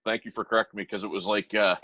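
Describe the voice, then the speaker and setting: A man's voice: lowish voice, steady tone, rapid-fire, bright, forceful tone, dry recording, dull audio. A man from Halifax, hosting a casual chat and asking rambling, fan-style questions. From Halifax, Canada. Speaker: podcast host. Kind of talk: casual interview.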